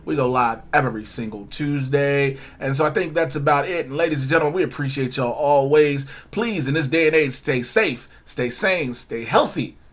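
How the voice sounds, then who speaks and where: A man hosting a relaxed review show, with a voice of ordinary middle pitch. He delivers his points and sign-off plugs in short, upbeat, punchy bursts. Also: normal speed, few pauses. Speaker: host. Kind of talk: casual review chat.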